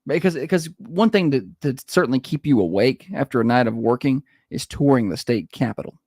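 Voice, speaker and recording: A man's voice: mid-range voice, animated, fairly quick, darkish tone, husky, no echo. A man, co-hosting a radio morning show and teasing his co-host in a dry storytelling way. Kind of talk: casual chat. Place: radio studio.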